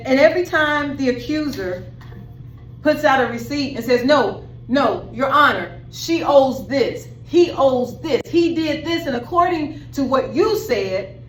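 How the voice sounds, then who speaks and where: Dramatic woman preacher, echoey room. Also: fairly high pitch. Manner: dramatic storytelling, direct address to listener. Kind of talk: sermon. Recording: echoey room with faint noise.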